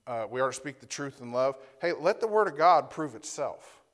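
A man's voice: medium pitch, expressive, moderate pace, fairly bright tone. A male pastor preaching to a congregation in a church, reading Scripture aloud, explaining Hebrew and Greek words and often ending his points with a rhetorical "right?". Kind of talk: sermon.

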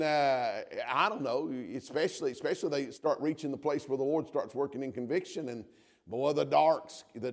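A middle-aged man, preaching a sermon in a church. He repeats "amen" often and builds from soft, confiding asides to loud shouts. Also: on the high side, in a large hall. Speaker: pastor. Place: church sanctuary.

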